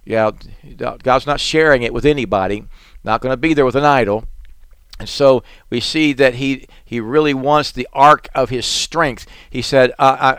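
A man's voice: mid-range voice, normal speed, a bit bright, clean tone, no echo. A male preacher delivering a sermon with rhythmic, repetitive phrasing, his volume swelling and falling as he reads and chants scripture. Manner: chanting litanies and reading scripture aloud.

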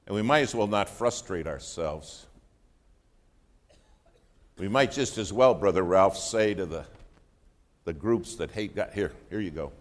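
A low-voiced man delivers a sermon as a story. His pitch swings widely, rising in loud bursts and dropping to hushed lines. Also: expressive, a little slow, long pauses. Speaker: preacher.

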